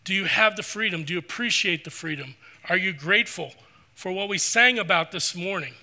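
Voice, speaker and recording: Pastor, male, middle-aged: high, very bright sermon delivery, earnest. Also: expressive. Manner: earnest, preacherly, slows for scripture. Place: church sanctuary.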